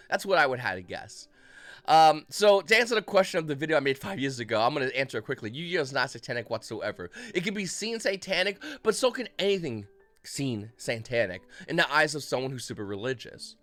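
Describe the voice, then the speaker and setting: A man's voice: fairly high pitch, very animated, a little fast, a bit bright, no room sound. A man in his thirties, hosting a card game channel, rambles and rants casually with lots of swearing and mocking asides. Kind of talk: casual rant to camera.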